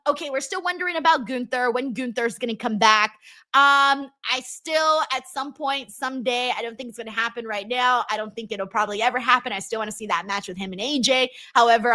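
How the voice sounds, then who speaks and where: A young woman hosting a casual livestream, chatting and reading viewer messages with lots of ums and excited bursts. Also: a little high. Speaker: wrestling livestream host. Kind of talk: casual livestream chat, reading super chats.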